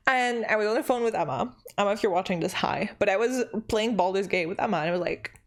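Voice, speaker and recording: A woman's voice: medium pitch, fast talker, hardly any pauses. A young woman giving a casual, rambling book recap vlog, laughing often and swearing playfully as she retells the plot. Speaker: booktuber.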